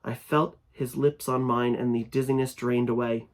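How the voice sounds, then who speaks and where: A man narrates a first-person horror story at an even, middling pitch. His delivery builds louder and tenser in the frightening passages, in the manner of a fiction reading. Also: normal speed. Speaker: fiction reader.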